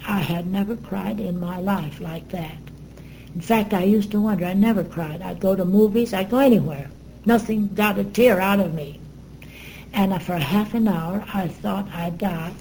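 An older woman being interviewed, recounting her memories in an earnest, reflective way with pauses and fillers. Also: lowish voice, warm tone, a little hiss or hum, poor audio.

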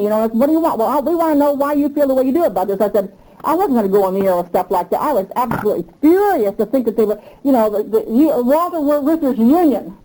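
A woman's voice: fairly high pitch, warm tone, low-quality recording. An older woman, a union member, telling her story in an oral history interview, emphatic and repetitive, getting revved up as she talks.

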